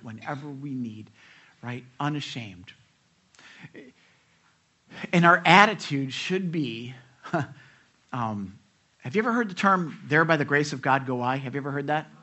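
A man's voice: medium pitch, fairly bright tone. A man preaching a sermon in a conversational way, with rhetorical questions and mimicking voices. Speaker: pastor.

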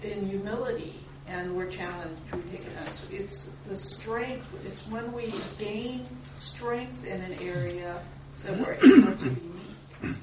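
A woman in the congregation speaking up during a sermon, slow and reflective, thinking aloud. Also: medium pitch, heavy background noise. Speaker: congregation member. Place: church or meeting room. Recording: echoey room, distant mic, ambience.

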